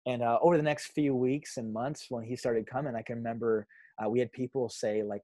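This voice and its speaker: A male pastor telling stories in a casual interview, acting out quotes with lively energy and frequent laughs. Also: medium pitch, fairly quick, dry recording. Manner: animated storyteller, acts out quotes, laughs often. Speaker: pastor and author, podcast guest.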